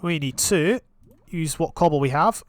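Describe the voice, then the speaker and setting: A young man giving casual, rambling commentary on his own gameplay, with sudden excited outbursts. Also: on the high side, normal speed, dry recording. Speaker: gaming channel host.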